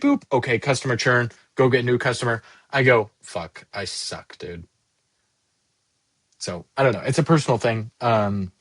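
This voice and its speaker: A man in his twenties vents in a candid, rambling monologue, swearing freely and putting himself down. His voice sits in an ordinary middle pitch. The room is dry, with no echo. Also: fairly bright tone. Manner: rambling, profane, self-deprecating. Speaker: SaaS founder vlogging.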